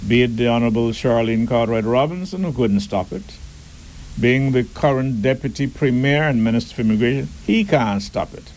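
A man giving a deliberate, emphatic public address and asking rhetorical questions. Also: medium pitch, darkish tone, rough recording. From Turks and Caicos Islands.

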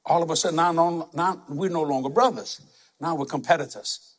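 A man's voice: on the high side, a little fast. A man preaching a sermon, emphatic and conversational, repeating words for effect.

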